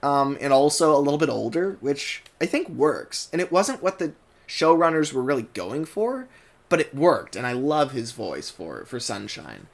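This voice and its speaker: Man, General American accent, casual reviewer monologue, rambling, restarts, animated intonation. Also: mid-range voice, normal speed, vocal fry. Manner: rambling, many fillers and restarts. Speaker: YouTuber reviewing a cartoon dub.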